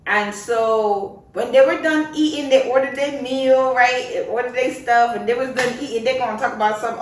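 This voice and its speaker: A young woman hosting a podcast, speaking in a fairly high voice with big swings in pitch as she rants and laughs. She sits a bit away from the mic, so the sound is roomy and echoey. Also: normal speed, hardly any pauses, recorded from a distance, slight background noise. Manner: animated, ranting, laughs often. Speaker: podcast host. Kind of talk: casual opinionated monologue.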